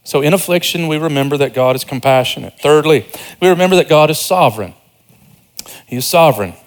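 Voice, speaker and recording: A man's voice: on the high side, brisk. Earnest man preaching a sermon. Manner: earnest preaching, rising emphasis then quiet asides. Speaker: pastor.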